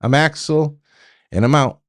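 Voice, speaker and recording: A man's voice: on the high side, unhurried, dry recording, clean studio sound. A middle-aged man hosting a trucking show, ranting bluntly at viewers and often stammering and repeating himself. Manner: blunt, repetitive, stammering restarts.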